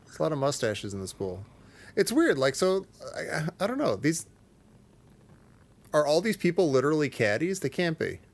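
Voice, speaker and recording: A man's voice: on the high side, big pitch swings, moderate pace, gravelly, pauses often. A man chatting casually as a podcast co-host, joking around and laughing easily. He often trails off and restarts mid-sentence. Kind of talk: casual chat.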